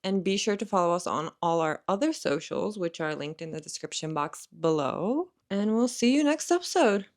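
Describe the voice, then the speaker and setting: A woman's voice: lowish voice, expressive, normal speed, few pauses, darkish tone. A young woman co-hosting a podcast in casual chat, playful and giggly, a little tipsy. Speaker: podcast co-host.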